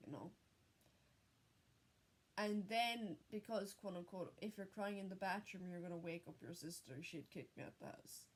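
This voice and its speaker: A young woman telling a personal story in an unedited vlog, candid and full of swearing, with halting restarts. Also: medium pitch. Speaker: vlogger.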